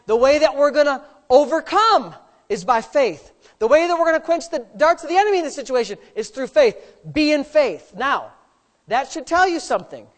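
A woman's voice: high voice, expressive, moderate pace. A woman preaching a sermon, asking rhetorical questions and adding playful asides.

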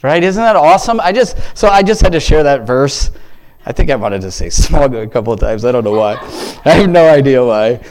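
A man's voice: medium pitch, lively intonation, fairly quick, darkish tone. A man giving an informal devotional talk to a church group. He rambles, breaks off mid-sentence and keeps exclaiming praise. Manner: rambling, self-interrupting, exclamatory. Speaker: lay church speaker.

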